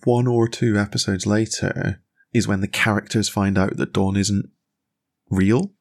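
A man's voice: fairly low pitch, steady tone, unhurried. A young man co-hosting a podcast, chatting casually and rambling enthusiastically with plenty of fillers and restarts. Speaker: podcast co-host. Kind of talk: casual chat.

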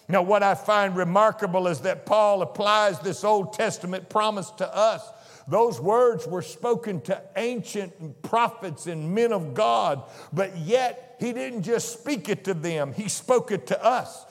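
A man preaching a sermon with slow, emphatic delivery that builds in intensity. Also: high-pitched, in a large hall.

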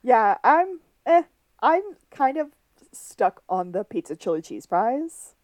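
A woman co-hosting a podcast, recapping a TV episode in casual chat and acting out quick lines from scenes. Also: fairly high pitch, big pitch swings, dry recording. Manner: chatty, retells scenes with quick quoted lines. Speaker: podcast co-host.

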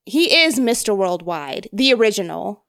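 A young woman in casual movie review chat, animated and joking, swearing freely. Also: mid-range voice, moderate pace, gravelly.

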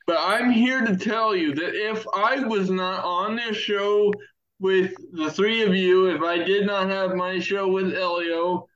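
A man co-hosting a podcast, making his points in a deliberate, emphatic way. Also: high voice, fairly even intonation, fairly bright tone, echoey room, highs cut off. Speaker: podcast co-host. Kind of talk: casual chat.

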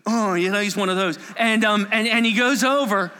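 A man preaching a sermon to a live church audience, telling a story in a playful, animated way and acting out voices and sound effects. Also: high-pitched, brisk, clear, resonant tone. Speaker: pastor. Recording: long reverb of a large hall.

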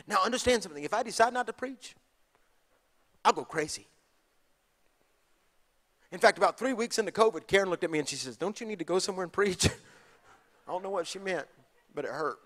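A man preaching a sermon, moving from hushed asides to shouted, passionate lines. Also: high-pitched, animated, normal speed, long pauses. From Texas. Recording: long hall reverb.

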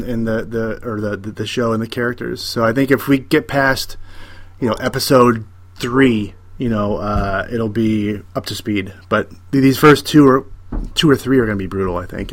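A man co-hosting a casual chat about a TV show, animated and opinionated, repeating words as he builds his point. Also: medium pitch, moderate pace. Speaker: podcast co-host.

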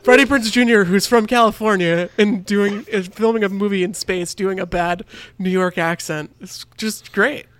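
A man's voice: high voice, normal speed, fairly bright tone, clear, resonant tone, no echo. A man co-hosting a casual movie review chat, swearing freely, laughing often and acting out lines. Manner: profane, laughing, acts out lines. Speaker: podcast co-host.

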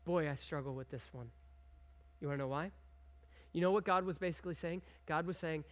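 In a muffled recording, a man's slightly high voice moves a little fast and pauses often. As pastor, he reads scripture aloud with mounting emphasis and chats with his congregation, posing questions and inviting them to respond.

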